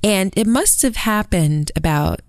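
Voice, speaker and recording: A woman's voice: medium pitch, animated, measured pace, dry recording. A woman co-hosting a podcast, telling a family story earnestly in casual conversation. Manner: earnest storytelling, mimics family members in quotes. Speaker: podcast co-host.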